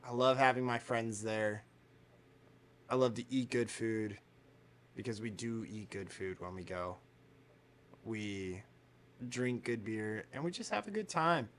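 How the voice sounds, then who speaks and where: A man co-hosting a podcast in casual chat, telling animated stories, acting out quotes and swearing freely. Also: on the low side, measured pace, pauses often. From United States. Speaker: podcast co-host.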